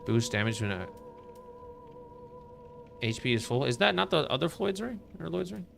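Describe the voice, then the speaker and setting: Faint music plays behind this slightly high, gravelly, fairly bright male voice, which swings widely in pitch at a normal pace. While playing a game on a live stream, he chats casually and stays laid-back, welcoming viewers with upbeat enthusiasm.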